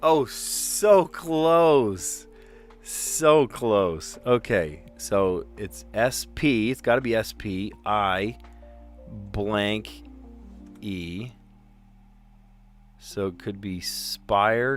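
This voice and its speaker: A man's voice: fairly low pitch, extremely slow, pauses often, soft background music. A middle-aged man, a teacher, chatting casually as he solves word puzzles aloud, muttering letters and laughing at himself.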